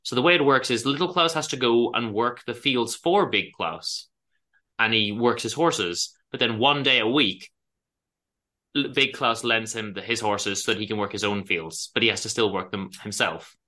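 A man's voice: mid-range voice, moderate pace. A man co-hosting a casual book podcast, retelling stories with animation and many ums along the way. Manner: animated storytelling, acts out characters; many ums and self-corrections. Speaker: podcast co-host.

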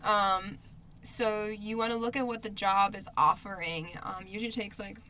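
A woman co-hosting a casual chat podcast, talking loosely with lots of fillers and quick laughs. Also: mid-range voice, fairly even intonation, sharp tone. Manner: chatty, laughs often, many fillers. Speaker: podcast co-host.

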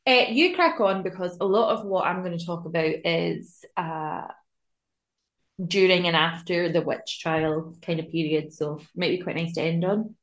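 Lower-voiced joking woman. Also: normal speed. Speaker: podcast co-host. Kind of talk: casual chat.

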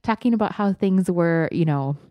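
A woman's voice: on the low side, normal speed, no echo, muffled recording. A woman in her thirties co-hosting a podcast, telling stories in a casual, chatty way and laughing often. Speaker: podcast co-host. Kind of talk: casual chat.

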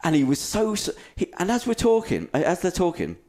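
A man co-hosting a podcast, telling an animated anecdote in casual chat and swearing freely. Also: high-pitched, fairly quick. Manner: animated, swearing, acts out voices in his anecdotes. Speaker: podcast co-host. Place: indoor podcast studio.

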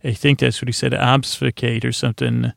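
A man's voice: mid-range voice, flat delivery, creaky, no echo, studio quality. A male podcast host giving a meandering episode recap for a sleep show, full of "uh" fillers and restarts. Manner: meandering, halting, full of "uh" fillers and self-corrections.

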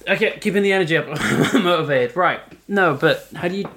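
A man's voice: high-pitched, a bit bright. A man with a Welsh accent, co-hosting a podcast in casual, teasing chat. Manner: sarcastic, joking, quick to tease. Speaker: podcast co-host.

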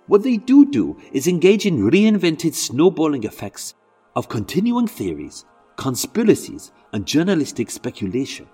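A man's voice: medium pitch, a little mellow, breathy edge. A man putting on a Welsh accent to read out a letter in a mock-earnest, lilting way. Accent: put-on Welsh.

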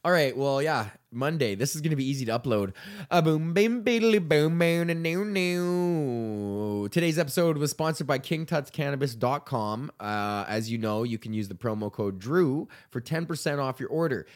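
A man's voice: mid-range voice, expressive, fairly quick, hardly any pauses. A man hosting his own show, ranting loosely, swearing and laughing as he goes. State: sick. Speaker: podcast host. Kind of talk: casual rant.

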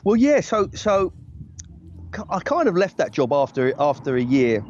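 A talent agent in his forties, appearing as a guest, tells stories in a rambling, self-deprecating way, full of restarts and laughs, as casual anecdotal chat. His high-ish voice swings widely in pitch at a normal speed. He's outdoors in a hammock on earbuds, and the recording is dry and slightly dull with background noise.

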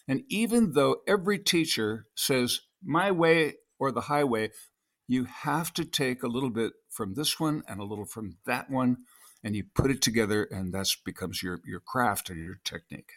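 A man's voice: medium pitch, animated, moderate pace, a bit bright. An older man, a guest actor, telling long rambling stories in an interview and acting out quoted lines. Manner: storytelling, acts out quotes.

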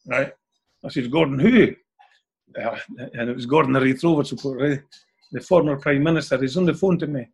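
Husky older Scottish man telling stories. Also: fairly high pitch, a little fast. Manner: chatty, ends phrases with "eh?". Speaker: interview guest. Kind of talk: anecdotal storytelling.

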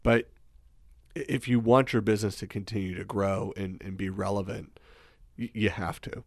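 A man's voice: fairly low pitch, fairly even intonation, normal speed, creaky, dry recording, studio quality. A man who is a guest on a podcast, talking earnestly and encouragingly about business, with lots of "you know"s. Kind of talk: casual conversation.

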